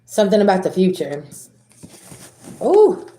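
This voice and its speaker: A spiritual reader from the Southern United States, with a Southern American accent, gives her viewers a casual tarot reading that's blunt and profane, acting out arguments as she goes. Her voice is warm, animated, brisk, and medium-pitched, recorded with roomy sound and a little hiss or hum.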